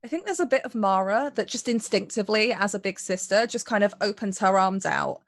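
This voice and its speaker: Woman, tabletop player, thoughtful, describes her character gently, dry close sound. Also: medium pitch, lively intonation, fairly quick, dry recording.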